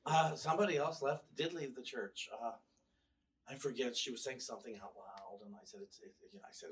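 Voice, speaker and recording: A man's voice: mid-range voice, brisk, far from the mic. A male minister giving a casual, storytelling sermon with wry humor, often restarting his sentences. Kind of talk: conversational sermon. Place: church.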